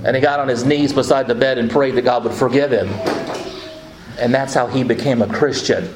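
A man preaching a sermon, telling stories with quick asides and slowing down for emphatic lines. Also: medium pitch, fairly even intonation. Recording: echoey room with faint ambient noise.

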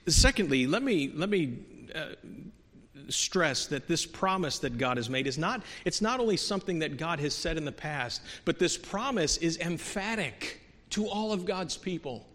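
A man preaching a sermon in a church, earnest, moving from soft, quiet stretches to emphatic peaks, with many restarts. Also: on the high side, expressive, moderate pace. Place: church sanctuary. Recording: long hall reverb.

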